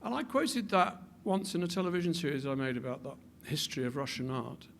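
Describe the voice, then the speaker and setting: A man giving a public talk with animated delivery, building to emphatic peaks and often repeating words as he restarts his sentences. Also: a little high, a little fast, creaky, slight background noise. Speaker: speaker.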